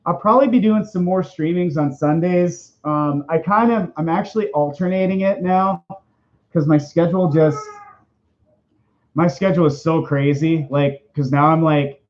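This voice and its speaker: A man's voice: on the high side, highs cut off. Rambling young man, casual chat. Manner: rambling, excitable, many restarts. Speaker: streamer and fandom volunteer.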